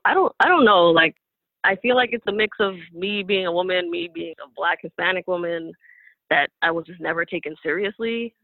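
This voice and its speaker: A woman's voice: lowish voice, a little fast, dry recording. A woman in her late twenties, an interview guest telling her personal story candidly and emotionally, with lots of "like". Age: late 20s. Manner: emotional, animated retelling with frequent "like". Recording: tinny phone-line sound.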